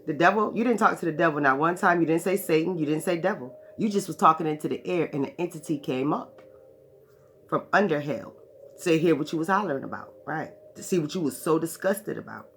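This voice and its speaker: A woman's voice: sits low, brisk, slight background noise. A woman teaching spiritual ideas to her followers in a profane, emphatic monologue, often checking in with "right". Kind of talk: preaching monologue.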